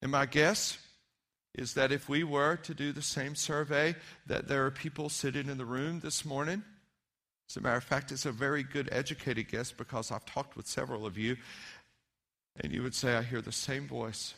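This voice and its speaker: A man preaching a sermon as pastor, earnest and emphatic at times, then quiet and personal. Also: medium pitch, fairly even intonation, moderate pace.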